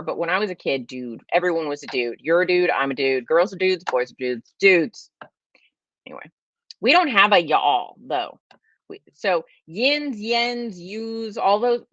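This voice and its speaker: A woman's voice: fairly low pitch, sing-song, moderate pace, a bit bright, no echo. A woman from California with a Californian accent and a slightly nasal voice, rambling casually as she hosts a livestream and answers viewer questions, saying "like" a lot. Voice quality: a little nasal. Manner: rambling, chatty, says "like" a lot. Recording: dull, lo-fi, dry sound.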